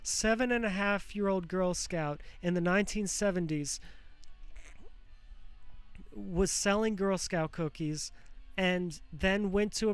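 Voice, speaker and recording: Guy with a high clean voice, rambling and swearing, kinda raw and teary, restarts a lot. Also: fairly bright tone, clear, resonant tone, dry recording. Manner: rambling, profane, frequent fillers and restarts; emotionally raw, close to tears. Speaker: show host. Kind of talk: rambling personal monologue.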